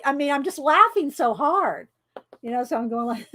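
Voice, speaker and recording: A middle-aged woman with a fairly high voice tells stories in loud, casual chat while she colors. She laughs often and talks over herself, rambling warmly from one story to the next. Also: normal speed. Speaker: coloring video host.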